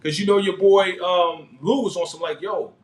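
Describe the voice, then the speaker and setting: A man hosting a casual live recap of a TV episode, excitable, laughing often and talking in heavy street slang. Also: high voice, moderate pace, a little hiss or hum. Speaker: TV show recap host.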